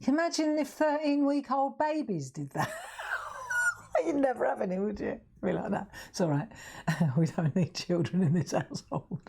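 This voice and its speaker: A woman's voice: on the high side, wildly swooping pitch, normal speed, creaky, darkish tone, husky. A woman hosting a live craft demonstration, chatting to viewers and laughing often as she works. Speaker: craft show host.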